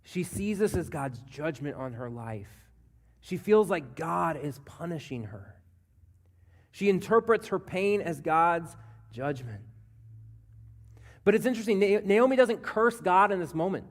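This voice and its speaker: A man pastor preaching a sermon, earnest, dropping to a hush and then rising as he voices scripture. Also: a little high. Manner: earnest preaching that drops to a hush and swells when voicing scripture. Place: church sanctuary.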